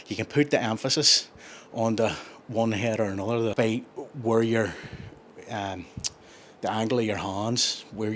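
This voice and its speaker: A man's voice: lowish voice, a bit bright, a little hiss or hum. A man, chatting casually between sets in a gym and rambling through his explanations with plenty of self-corrections. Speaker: gym vlogger.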